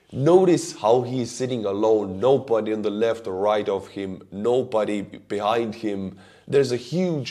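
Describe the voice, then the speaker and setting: A man with an Estonian accent, hoarse from losing his voice, hosting a news update and talking earnestly to his viewers as his friends. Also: on the low side, dark tone. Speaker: war update host. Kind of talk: news commentary.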